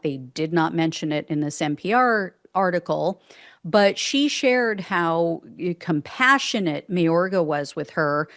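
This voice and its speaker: A woman's voice: lowish voice, no room sound, clean studio sound. A woman hosting solo political commentary in an indignant, sarcastic way, with exasperated outbursts.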